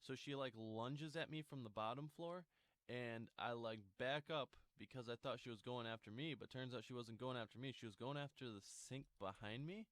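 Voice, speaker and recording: A man's voice: medium pitch, moderate pace, fairly bright tone, no room sound. A young man telling a casual storytime, rambling with lots of fillers and restarts.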